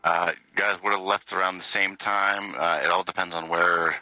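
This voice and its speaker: A deep-voiced man runs a tabletop game, narrating in a loose, easygoing way with plenty of fillers. His tone is sharp and bright. The stream audio sounds dull and dry. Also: moderate pace, no room sound, soft background music. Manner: relaxed, filler-heavy narration with chuckles. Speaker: game master.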